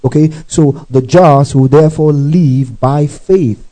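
A man's voice: fairly high pitch, slow, dark tone, low-quality recording. A man preaching a teaching sermon, reading scripture with asides, often asking if listeners follow and breaking into praise exclamations. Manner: reads scripture aloud with asides.

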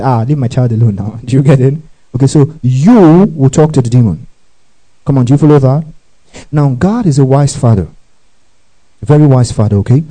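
Male preacher mid-sermon; drives call-and-response and climbs to loud, high exclamations. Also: rough recording. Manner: call-and-response, urging the congregation to repeat after him.

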